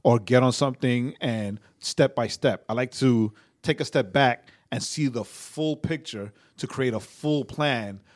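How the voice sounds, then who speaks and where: A man's voice: mid-range voice, unhurried, hardly any pauses. A young man co-hosting a casual faith podcast, rambling, stammering into restarts and tagging his sentences with "right?". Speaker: podcast co-host.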